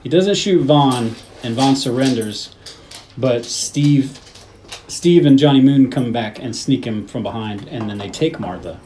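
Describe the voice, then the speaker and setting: A man recounting a film's plot scene by scene for his podcast cohosts, slipping into the characters' lines as he goes. His voice sits at an ordinary middle pitch. A faint hiss runs under the recording. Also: a little slow, rough recording. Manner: animated retelling, acting out movie lines. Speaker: podcast host. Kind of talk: casual movie recap chat.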